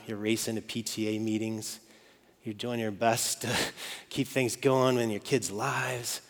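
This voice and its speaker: A man in his forties preaching a casual, joking sermon to mothers, checking in with the crowd often. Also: mid-range voice. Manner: conversational and joking, with frequent "okay?" and "right?". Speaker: pastor. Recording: long hall reverb.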